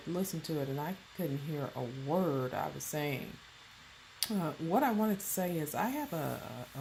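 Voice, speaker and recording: A woman's voice: deep voice, gravelly, darkish tone, slight background noise, rough recording. A middle-aged woman with a Southern Mississippi Delta accent, talking hesitantly to her viewers about self-talk. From Mississippi Delta, United States. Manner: hesitant, many fillers and restarts. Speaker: vlogger presenting her self-talk website. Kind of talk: casual spoken monologue.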